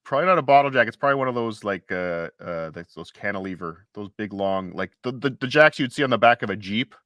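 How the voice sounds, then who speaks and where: Jokey bright-voiced man co-hosting. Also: fairly low pitch, expressive, quick pace, no echo, lo-fi sound. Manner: jokey, rambling, mock-indignant asides. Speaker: co-host. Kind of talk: casual livestream chat.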